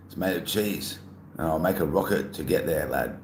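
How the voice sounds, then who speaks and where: Speaking at normal speed, the livestreamer has a very deep voice. He's casual and playful with his chat, reading their messages out loud, in an echoey room with faint background noise.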